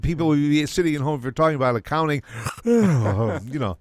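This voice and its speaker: A man's voice: fairly high pitch, animated, fairly quick, darkish tone, no room sound, clean studio sound. A male host in a casual chat, joking and conversational with his guest.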